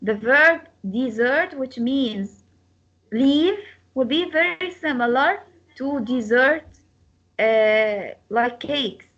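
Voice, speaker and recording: A woman teaching an English lesson, repeating words slowly to model their pronunciation. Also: sits high, animated, a bit bright. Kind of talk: classroom lecture. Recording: slightly dull lo-fi sound.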